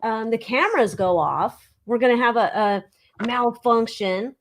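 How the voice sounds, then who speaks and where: A woman's voice: a little high, measured pace, slight background noise. A woman from California co-hosting a tarot show, chatty and teasing in casual talk. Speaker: tarot reader co-host. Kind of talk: casual chat.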